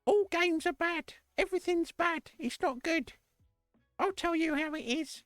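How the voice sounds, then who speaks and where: A man doing a comic impression of a grumpy male streamer friend who chants and grumbles in a squeaky voice. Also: unhurried, fairly bright tone, no echo, clean studio sound, faint music behind. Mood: mock-grumpy. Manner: chanting, mock-grumpy, repetitive.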